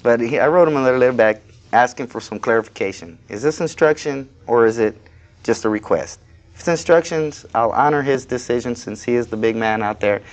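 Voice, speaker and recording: A man with a voice of ordinary pitch, a guest in a studio interview. He talks in a plain, aggrieved way, with casual, unscripted phrasing. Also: brisk. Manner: plain-spoken, aggrieved, recounting a workplace dispute. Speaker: guest, activist.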